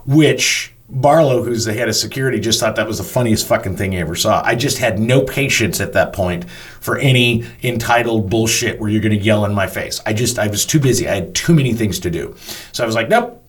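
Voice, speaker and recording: A man, a front of house manager, telling a personal story in a casual, animated way and swearing freely. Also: fairly low pitch, a little fast.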